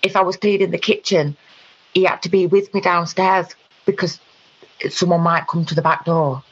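Halting woman, dull recording. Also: lowish voice, fairly even intonation, slightly rough. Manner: halting, frequent ums and restarts. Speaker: guest. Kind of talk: personal account in conversation.

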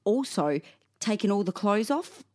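A woman's voice: medium pitch, very animated, a little slow, darkish tone. A woman co-hosting a podcast in casual chat, telling stories animatedly, acting out quotes and swearing freely. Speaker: podcast co-host.

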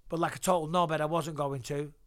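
An English man appears as a podcast guest, telling lively anecdotes casually and swearing freely in an interview. His slightly high voice moves fast, recorded at studio quality with no room sound.

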